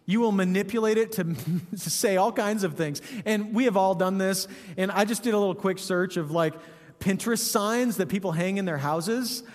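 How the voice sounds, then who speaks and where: A man's voice: high voice, moderate pace, in a large hall. A man, a pastor, preaching a sermon in a conversational, joking way, often asking "right?".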